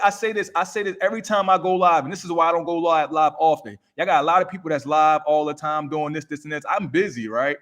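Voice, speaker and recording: A man's voice: fairly high pitch, quick pace, hardly any pauses, a bit bright. A man giving an emphatic, repetitive motivational coaching talk on a live stream, speaking into a microphone. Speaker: raw vegan coach.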